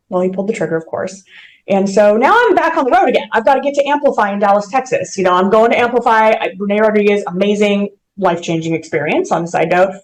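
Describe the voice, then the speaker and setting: A woman's voice: medium pitch, fast talker, slight background noise, rough recording. A woman being interviewed as a guest, earnestly telling a personal story with vivid detail. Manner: earnest, emotional, vivid retelling. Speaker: mortgage company president, podcast guest.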